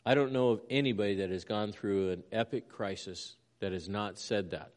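A man's voice: fairly low pitch, moderate pace, few pauses, a little mellow, long reverb tail. A man preaching a sermon as a pastor, reading scripture aloud with rising intensity.

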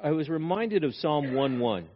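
A man's voice: a little high, big pitch swings, normal speed, muffled recording, a little hiss or hum. A male pastor preaching a sermon, asking rhetorical questions and acting out quoted dialogue with emphasis.

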